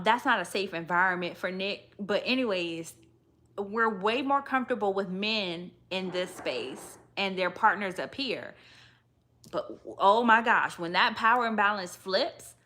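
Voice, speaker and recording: Emphatic, sassy woman recapping reality TV. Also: mid-range voice. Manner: animated, emphatic, sassy asides. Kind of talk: live aftershow commentary.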